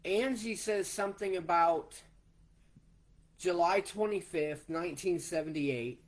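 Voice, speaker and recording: A man in his forties, slowly telling a personal story in a plain way, step by step. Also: high-pitched. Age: 40s. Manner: slow, plainspoken, retelling step by step. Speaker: vlogger.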